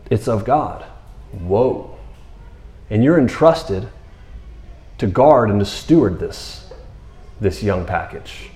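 A man preaching a sermon in a loose, chatty manner, acting out bits of dialogue along the way. His voice sits at an ordinary middle pitch. The sound is roomy, with echo from a church hall. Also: moderate pace, darkish tone. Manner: casual, conversational preaching with playful acted-out quotes. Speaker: pastor.

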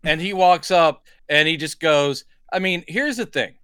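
A man's voice: a little high, a little slow, bright, forceful tone, clean tone, no echo, studio quality. A man co-hosting a comedy movie podcast, talking wryly and casually about the plot. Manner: wry, explaining with mock quotes. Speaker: podcast co-host, actor.

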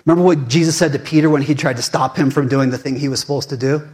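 A male pastor in his forties preaching a sermon in a fired-up, conversational way, swinging between loud emphasis and hushed asides. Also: medium pitch, fast talker, slightly rough.

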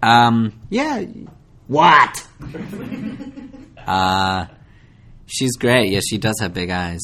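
A young man from Minnesota, an actor guest in a casual interview, talking in an animated, self-deprecating way with many restarts. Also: fairly low pitch, very slow.

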